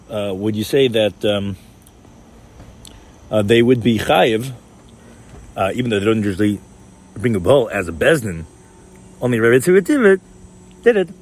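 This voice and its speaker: A man explaining a Talmud passage in class, reading out terms and translating them, often repeating words as he goes. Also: on the low side. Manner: rapid, mixes Hebrew-Aramaic terms with English, frequent repeated words. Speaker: Talmud teacher.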